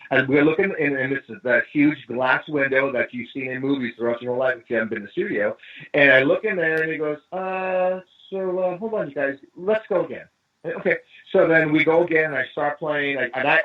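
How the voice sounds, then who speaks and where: Over a tinny phone line, a man from East Los Angeles, a drummer and interview guest, acts out the voices of the people in a long anecdote he's telling. He's a lively storyteller with a husky voice on the high side.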